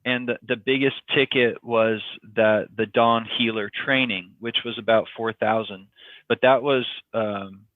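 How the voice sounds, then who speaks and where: A man's voice: medium pitch, steady tone, unhurried, no room sound. A man, a podcast guest telling a personal story in casual, rambling talk full of ums and likes. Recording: tinny phone-like line, dry.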